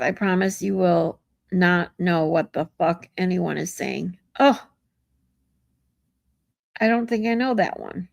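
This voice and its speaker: A woman's voice: fairly low pitch, vocal fry, dry recording. A woman hosting a livestream in casual chat, reading viewer comments and greeting them in a frank, chatty way that is peppered with swearing. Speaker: livestream host.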